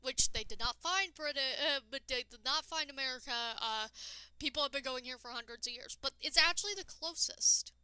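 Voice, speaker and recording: A high-pitched woman rambles along to her stream chat, her voice very bright and crisp. She sounds tired and low on energy while she casually talks through a game session. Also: moderate pace, no echo, rough recording.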